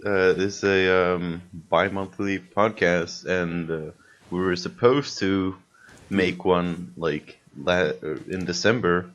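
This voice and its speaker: A man's voice: deep voice, steady tone, slow pace, fairly bright tone, lo-fi sound. A man hosting a casual podcast, laid-back and hesitant, laughing often. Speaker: podcast host. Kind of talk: casual chat.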